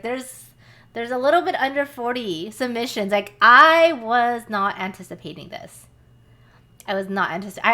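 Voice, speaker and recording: A young American woman chats casually on a live stream, greeting viewers by name and swearing freely. Her voice sits high and swings widely in pitch. Faint music plays behind her. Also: fairly bright tone. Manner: chatty, swears, laughs often, talks to chat by name. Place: warm small room.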